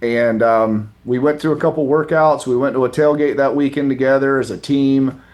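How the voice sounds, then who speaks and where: Animated man telling a story. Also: medium pitch, normal speed. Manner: animated, acts out the voices of people in his stories; relaxed, self-mocking, mild swearing. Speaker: podcast guest, former college thrower. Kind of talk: casual storytelling in conversation.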